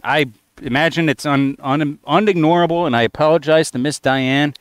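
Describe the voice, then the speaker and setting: A man's voice: a little high, moderate pace, smooth, no room sound, studio quality. A man co-hosting a casual livestream outdoors at a backyard cookout, throwing in jokey quips. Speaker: co-host.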